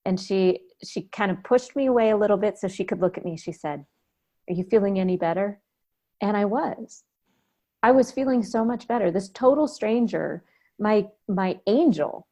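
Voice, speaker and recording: A woman's voice: medium pitch, animated, moderate pace, darkish tone. A woman in her fifties, a podcast guest, telling a personal story reflectively, acting out the lines of the people in it. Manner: reflective, vivid storytelling with quoted dialogue.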